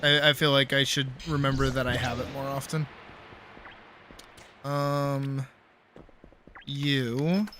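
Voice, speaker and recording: A man's voice: medium pitch, little pitch movement, slow, pauses often, music in the background. A man chatting casually while streaming a game, playful and rambling, swearing now and then. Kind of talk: casual gaming livestream chat.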